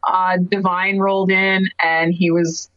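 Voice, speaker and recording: A woman in her thirties from Cape Breton, telling stories casually in an interview, full of "like"s and quick laughs. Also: fairly low pitch, level tone, a bit bright, no echo. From Canada, Cape Breton. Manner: chatty storyteller, many "like"s, laughs often. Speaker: guest wrestler. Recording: dry, dull lo-fi podcast audio.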